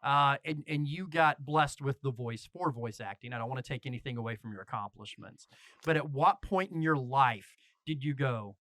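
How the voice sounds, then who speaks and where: A man's voice: medium pitch, normal speed, fairly bright tone, no echo. A man hosting a podcast, asking rambling, self-deprecating questions in a casual interview. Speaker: podcast host.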